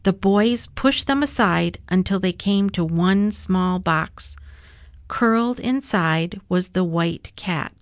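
A woman reading a children's picture book aloud in a gentle, measured way. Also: fairly low pitch, no echo. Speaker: storyteller.

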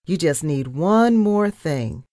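A woman voicing a bubbly, blunt young female mouse assistant with a squeaky voice. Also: expressive, slow, dark tone, no echo, clean studio sound. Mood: bossy.

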